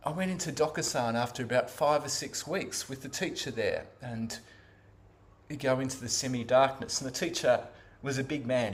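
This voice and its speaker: An Australian man giving a personal talk about his path into Zen practice, speaking haltingly with many fillers and restarts. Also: mid-range voice.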